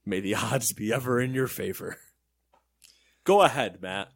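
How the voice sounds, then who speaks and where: A man's voice: mid-range voice, creaky, no room sound, studio quality. A man co-hosting a gaming news show, reading headlines and joking around in casual banter. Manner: joking, animated, quick asides.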